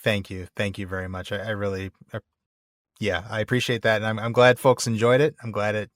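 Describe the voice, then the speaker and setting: Earnest, halting male podcast host. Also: lowish voice, flat delivery, fairly bright tone, dry recording, clean studio sound. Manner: earnest, halting, with many restarts. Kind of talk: casual chat.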